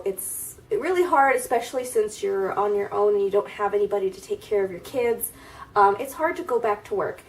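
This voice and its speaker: Woman, 30s, stuffy nasal cold voice, casual rambling chat, slightly high, a bit distant from the mic. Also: darkish tone. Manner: chatty, rambling with fillers and restarts. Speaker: beauty vlogger. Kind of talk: casual get-ready-with-me chat.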